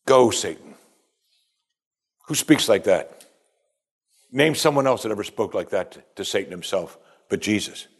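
A man preaching a sermon, reading scripture aloud and asking pointed questions, often dropping to a hushed voice on key points. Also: lowish voice, expressive, moderate pace.

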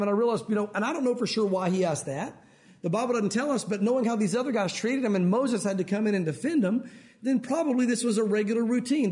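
A man giving a conversational Bible teaching to a men's group. He tells stories in a chatty way and says "you know" often. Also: high-pitched. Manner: chatty, sprinkled with "you know", animated storyteller.

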